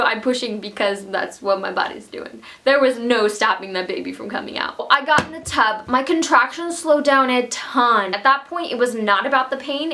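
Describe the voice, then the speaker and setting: A woman's voice: on the high side, sharp tone. A young woman casually telling a personal story at home, chatty with many fillers. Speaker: vlogger. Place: home room.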